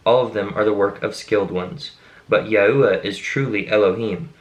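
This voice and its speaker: Low-voiced man reading scripture aloud. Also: rough recording. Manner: steady, measured reading with brief asides to explain words. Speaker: Bible reader.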